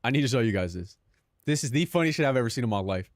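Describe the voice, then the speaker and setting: A man's voice: medium pitch, lively intonation, very fast, no echo, clean studio sound. A young man streaming live, chatting casually, joking and swearing, often laughing at his own bits.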